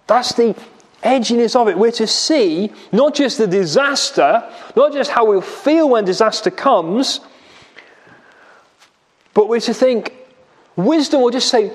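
High-voiced preacher in a reverberant church. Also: male voice, animated, takes it slowly, pauses often. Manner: expository, rhetorical questions, vivid retelling. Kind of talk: sermon.

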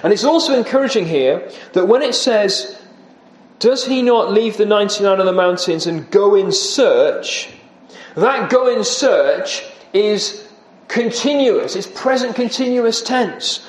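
A man's voice: high-pitched, expressive, a little slow, echoey room, poor audio. A man preaching an earnest expository sermon, often dropping his voice for emphasis.

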